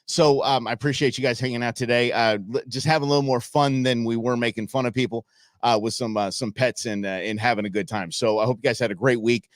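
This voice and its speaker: A man hosting a live show, commenting on videos in an animated, joking way. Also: medium pitch, fast, no echo, clean studio sound. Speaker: host.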